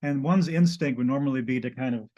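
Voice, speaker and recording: A man telling a personal story in casual conversation, halting and restarting often. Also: mid-range voice, warm tone.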